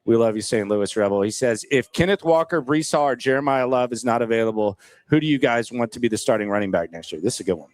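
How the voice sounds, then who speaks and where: A man's voice: mid-range voice, expressive, fast talker, few pauses, dry recording. A man co-hosting a casual sports talk show, joking, teasing and laughing often. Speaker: co-host. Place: live show at a restaurant.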